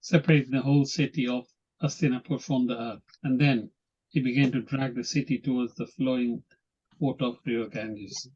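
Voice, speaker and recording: A man with a husky voice reads scripture to his study group in a steady, even way. His pitch sits in the middle, and the audio is dull and lo-fi. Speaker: reader in a scripture class. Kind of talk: reading scripture aloud.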